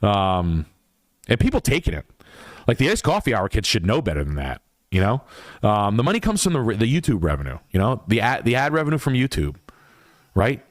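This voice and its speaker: A man's voice: fairly low pitch, wildly swooping pitch, a little fast, dry recording. A man hosting a livestream podcast, ranting casually in a heated, profane way. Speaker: podcast host.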